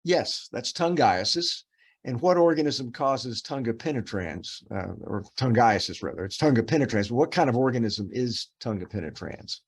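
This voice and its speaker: A man's voice: medium pitch, lively intonation, normal speed, husky. A middle-aged man, a dermatopathologist, reviewing cases with a resident, talking in a loose, rambling way with many fillers and restarts. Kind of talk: case review teaching.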